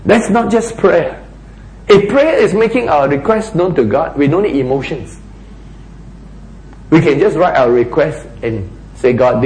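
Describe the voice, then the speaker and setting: A man preaching a sermon, asking rhetorical questions and dropping to a hushed voice for emphasis. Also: fairly high pitch, echoey room, poor audio.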